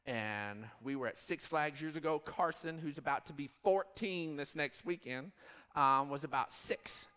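Man, pastor, high bright voice, animated storyteller, church hall reverb. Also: measured pace, clean tone. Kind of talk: storytelling sermon.

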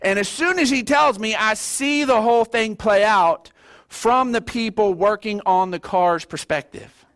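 A middle-aged man with a drawl delivers a sermon as a pastor. He tells stories in a folksy, animated way and often stumbles into restarts. His speaking voice sits noticeably high for a man. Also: unhurried. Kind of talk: sermon with storytelling.

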